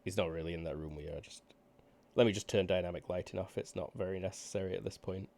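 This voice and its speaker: A man running a tabletop role-playing game as game master, relaxed and often stumbling over his words. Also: low-pitched, fast talker, gravelly.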